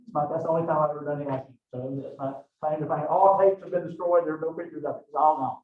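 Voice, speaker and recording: A man's voice: fairly high pitch, steady tone, very fast. Folksy man lecturing from afar. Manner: folksy, joking storyteller. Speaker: anatomy instructor. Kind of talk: classroom lecture. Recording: far-off, echoey, phone-like lecture recording.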